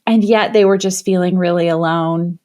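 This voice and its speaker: A middle-aged woman from the Chicago area, a guest on an interview podcast, telling her story with animated, lively delivery and acting out the voices she quotes. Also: on the low side, moderate pace. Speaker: guest, women's leadership coach.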